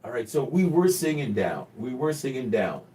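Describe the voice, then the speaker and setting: A man's voice: mid-range voice, very animated, moderate pace, dark tone, breathy edge. A man in his forties with a slight Quebec French accent, chatting casually on a gaming livestream in a rambling, profane, earnest way. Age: 40s. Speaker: gaming streamer.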